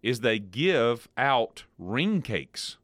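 A man hosting a podcast in casual chat, asking questions in a playful, animated way from a studio. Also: mid-range voice, very slow, dry recording. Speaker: podcast host.

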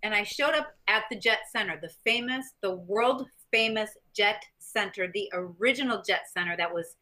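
A middle-aged woman from the US Midwest, a guest telling animated stories in an interview and acting out other people's lines. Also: medium pitch, normal speed. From Missouri, US Midwest. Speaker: guest, former champion fighter and stuntwoman. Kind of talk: interview storytelling.

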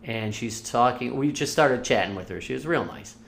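A man's voice: mid-range voice, moderate pace, creaky, slight background noise. A man co-hosting a podcast, telling stories casually with lots of swearing and acted-out quotes. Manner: animated, profane storyteller who acts out quotes. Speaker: podcast co-host. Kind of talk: casual storytelling chat.

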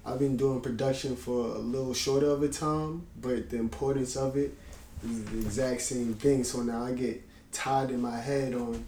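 A man's voice: mid-range voice, steady tone, moderate pace, a little mellow, distant mic. A man who is a guest artist and producer, talking casually and thoughtfully about his music. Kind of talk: casual chat. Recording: echoey room, a bit off mic, faint noise.

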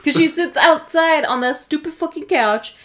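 A woman co-hosting a podcast in casual chat, swearing freely and getting loud and animated when she tells stories. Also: sits high, normal speed. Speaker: podcast co-host.

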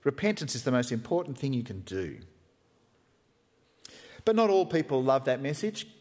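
A man's voice: medium pitch, big pitch swings, moderate pace, a little mellow, big-room sound. A man preaching a sermon in a church, conversational and humorous, often acting out quotes. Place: church hall with live stream.

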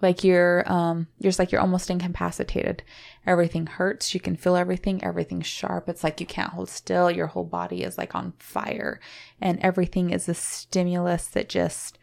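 Gravelly low-voiced woman chatting. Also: flat delivery, darkish tone. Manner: rambling, emotional, halting restarts. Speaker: podcast co-host. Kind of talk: casual podcast chat.

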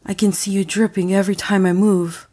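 A woman's voice: medium pitch, flat delivery, brisk, mellow, natural voice. A woman voicing a dominant young man who speaks in curt commands. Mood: commanding.

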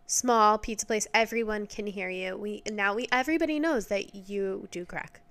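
A woman co-hosting a podcast, reacting to a story with quick quips in casual chat. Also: medium pitch, a bit bright. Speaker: podcast co-host.

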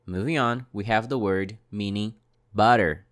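A man teaching French pronunciation in English, modelling each sound slowly and repeating it, with short French classroom prompts in between. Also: on the low side. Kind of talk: slow, deliberate language lesson.

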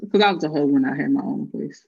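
A woman's voice: low-pitched, fast talker, creaky, breathy edge. A woman telling a story in casual chat, swearing freely and laughing often. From American South. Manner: profane, animated, laughing often. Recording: dull lo-fi sound.

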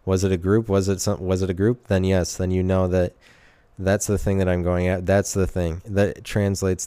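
A man's voice: low-pitched, mellow, no room sound. A man rambling through a solo monologue in a sardonic way, often breaking off and restarting his sentences.

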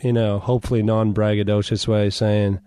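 A man's voice: fairly low pitch, little pitch movement, normal speed, dark tone, smooth, dry recording, clean studio sound. A man, a country singer guest, telling stories in a chatty, joking way. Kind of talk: casual interview storytelling.

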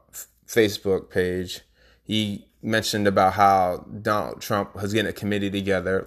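A man's voice: lowish voice, fairly bright tone. A man hosting a podcast, talking in a casual, rambling, emphatic monologue. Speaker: podcast host.

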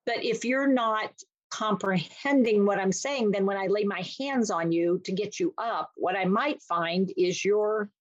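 In a podcast interview about dementia care, a woman animatedly acts out little scenes and voices as she explains. Her mid-range voice moves a little slowly, and the lo-fi audio has no room sound.

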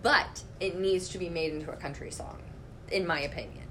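A woman's voice: lowish voice, fairly quick, noisy background. A woman co-hosting a podcast in playful casual chat, often giggling. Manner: playful, giggly, sings a pop verse with a twang. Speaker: podcast co-host.

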